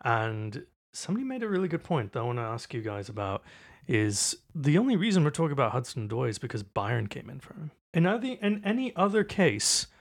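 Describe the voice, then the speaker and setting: Casting: British male co-host, quick and argumentative, casual podcast talk. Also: mid-range voice, very animated. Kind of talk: casual sports podcast chat.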